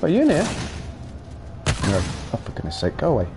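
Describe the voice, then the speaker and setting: A young man chatting casually and playfully with his live chat while streaming a game, rambling and breaking into silly shouts. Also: a little high, huge pitch swings, moderate pace, background noise.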